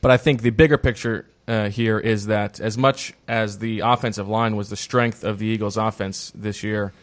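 Low-voiced man hosting a sports talk show. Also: steady tone, moderate pace. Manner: steers the talk, sets up topics and questions. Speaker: show host. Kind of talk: casual sports discussion.

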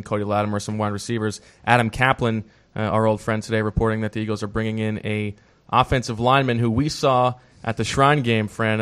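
A man's voice: lowish voice, clear, resonant tone. A man hosting a casual sports discussion, steering the conversation and setting up topics and questions. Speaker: show host.

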